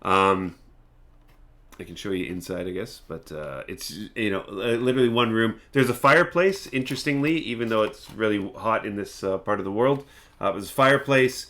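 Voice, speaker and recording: Game master, male, lowish voice, meandering scene-setting, restarts lines, casual tabletop session. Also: moderate pace, a bit bright. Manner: meandering, restarts sentences while describing.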